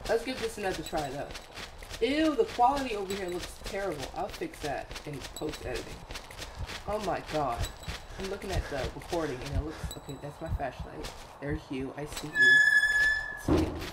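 A man hosting his own gaming channel, playing a horror game and talking nervously to himself as he goes. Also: high-pitched. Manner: jumpy, nervous, talks to himself. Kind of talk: horror game let's play commentary. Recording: loud background noise.

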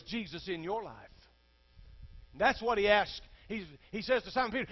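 Impassioned high-voiced preacher, lo-fi hum. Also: male voice, expressive, normal speed. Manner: impassioned preaching, swings from hushed to shouting. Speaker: pastor. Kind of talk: sermon.

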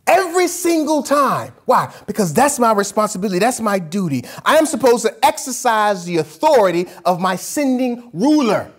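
An animated pastor delivers a sermon with a pitch that rises and falls freely. The delivery is emphatic and colloquial, driving points home by repeating phrases and posing questions before answering them. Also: fairly quick, few pauses, husky. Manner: casual, colloquial preaching.

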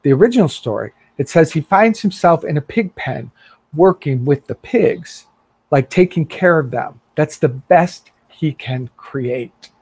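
A man's voice: on the high side, lively intonation, measured pace, a little mellow, husky, no echo. Earnest man preaching a story. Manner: vivid storytelling, acting out quotes; earnest, inviting. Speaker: pastor. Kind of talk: sermon.

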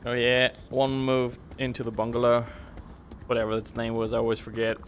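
A man's voice: medium pitch, completely flat delivery, fairly quick, noisy background. A man streaming a VR shooter game, chatting casually and playfully with teammates over a headset mic. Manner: playful, jokey. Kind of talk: casual gaming chat and callouts.

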